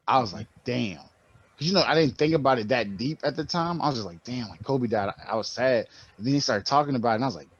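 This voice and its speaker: A man's voice: mid-range voice, no room sound, lo-fi sound. A man co-hosting a podcast, speaking in casual conversation, telling stories animatedly with lots of slang. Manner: animated storytelling with frequent slang and profanity. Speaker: podcast co-host.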